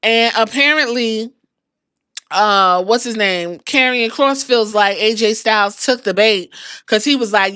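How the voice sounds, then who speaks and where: A woman's voice: a little high, unhurried, sharp tone, clean tone, dry recording, clean studio sound. A woman podcast host giving a sassy, profane, chatty recap of a wrestling show.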